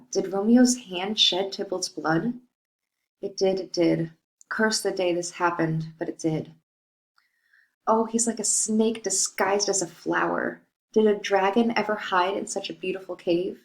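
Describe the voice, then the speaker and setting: A woman's voice: mid-range voice, measured pace, lightly acted. A woman reading the part of a grieving young bride in a plain, lightly dramatic way. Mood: anguished. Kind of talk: reading a modern-English play paraphrase. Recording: roomy echo.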